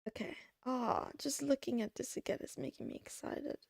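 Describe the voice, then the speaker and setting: A woman livestreamer chatting casually to her audience, rambling and excitable, tossing in meows between remarks. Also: high-pitched, normal speed, gravelly, dry recording, clean studio sound. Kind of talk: casual chat to a live audience.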